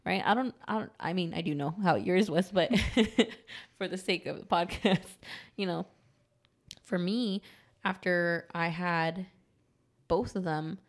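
A woman in her thirties with a lowish voice co-hosts a podcast, chatting casually. She's candid and quick to laugh, frequently checking in with "right?".

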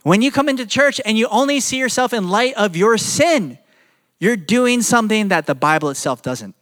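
Animated man preaching a sermon. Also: sits high, normal speed. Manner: animated, conversational preaching with acted-out quotes. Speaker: pastor.

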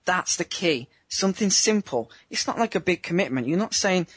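A man's voice: sits high, animated, moderate pace, hardly any pauses, fairly bright tone, husky, no echo. A man, a dating coach talking in a chatty interview and acting out small scenes in other voices. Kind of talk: remote interview.

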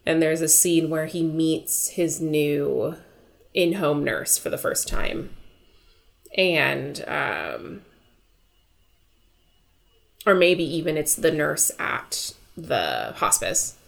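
A woman's voice: low-pitched, lively intonation, drawn-out words, vocal fry, pauses often. A young woman co-hosting a casual film review podcast, talking in a rambling way with lots of "like" and acting out scenes. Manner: rambling, filler-heavy, acts out scenes in voices. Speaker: podcast co-host.

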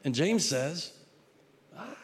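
A man's voice: fairly high pitch, sing-song, slow. A middle-aged male pastor preaching a sermon in a conversational way, often repeating words and restarting phrases. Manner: acts out a child's pleading voice in quotes.

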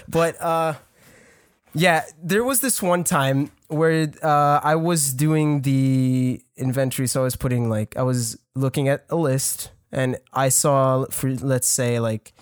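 A man's voice: medium pitch, steady tone, slow, clean tone, no room sound, clean studio sound. A young man in his early twenties with a French accent, telling a story casually with lots of swearing and restarts. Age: young adult. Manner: rambling, swearing, laughing, restarts. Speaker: storyteller guest.

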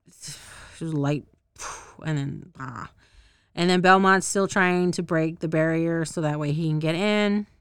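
A podcast host with a lowish, fairly bright, clean voice recaps a show in a casual, rambling way. She's profane, laughs frequently, and often forgets names and details. The studio sound is clean, without any room sound.

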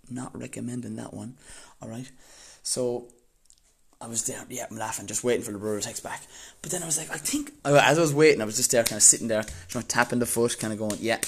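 A young Irish man telling a story casually, animated and laughing as he goes. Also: medium pitch, fast, a little hiss or hum. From Ireland.

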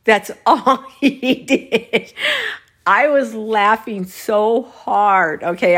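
A woman telling a casual personal anecdote, often breaking into laughter mid-sentence as she tells it. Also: medium pitch.

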